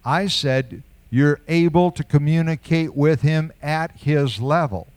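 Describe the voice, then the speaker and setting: A man's voice: a little high, slow, a little mellow, clean tone, dry recording. An older man preaching a sermon in a conversational way, asking rhetorical questions and chuckling now and then. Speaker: pastor.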